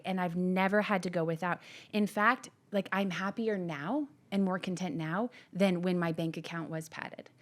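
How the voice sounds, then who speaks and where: A middle-aged woman, a pastor's wife co-hosting a podcast, talking openly and animatedly with her husband. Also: mid-range voice. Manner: open, animated, laughs easily. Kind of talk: casual conversation with her husband.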